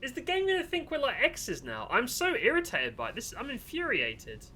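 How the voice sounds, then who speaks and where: A male game streamer with a high, bright voice, chatting casually over his gameplay. His pitch swings all over the place as he jokes and grumbles in exasperation. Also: normal speed, a little hiss or hum. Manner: animated, exasperated and joking. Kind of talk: casual gaming commentary.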